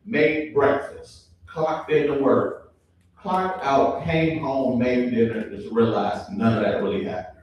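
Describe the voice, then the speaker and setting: A young man performing a stand-up comedy set, chatty and relaxed, with ums and asides to the audience. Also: mid-range voice, slow pace. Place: live comedy show in a venue. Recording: distant, very echoey room mic with faint noise.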